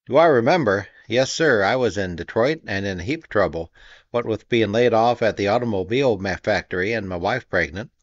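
A man's voice: lowish voice, animated, a little fast, dry recording, lightly acted. A man voicing a huge, friendly blond millwright who talks plainly and directly, on a dull, slightly muffled recording. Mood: eager.

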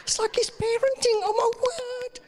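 A man putting on a shrill panicking parent. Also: little pitch movement, noisy background. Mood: panicky. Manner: shrill, fast and fretful. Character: panicking overanxious parent in the congregation. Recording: reverberant church hall.

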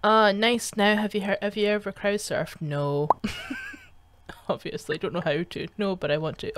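A woman's voice: mid-range voice, lively intonation, normal speed, slight background noise. A young woman giving casual gaming commentary as she reads chat messages aloud, swearing and laughing often, with a sarcastic edge. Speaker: gaming streamer.

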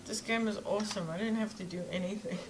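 A woman's voice: medium pitch, steady tone, quick pace, background noise. A woman commenting casually while playing a video game, muttering, laughing and swearing in asides. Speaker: gamer. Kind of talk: casual let's-play commentary.

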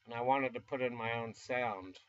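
A man's voice: mid-range voice, moderate pace, fairly bright tone, dull audio. A man in his fifties from the United States, rambling casually and self-deprecatingly in a vlog, with chuckling asides. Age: 50s. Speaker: YouTuber. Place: home studio.

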